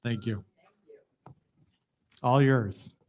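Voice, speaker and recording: A man leading a church service, gently asking questions and thanking the speaker. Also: mid-range voice, extremely slow. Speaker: minister. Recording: loud background noise with clicks.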